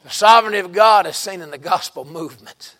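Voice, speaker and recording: Fervent Southern preacher, high and bright. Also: male voice, quick pace. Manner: fervent, bursts into shouts and exclamations. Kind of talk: revival sermon. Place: church sanctuary.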